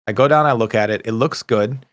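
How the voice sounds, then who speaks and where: A man's voice: lowish voice, fairly quick, no echo. A man hosting a gaming podcast in casual chat, telling long rambling stories with frequent self-corrections. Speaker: podcast host.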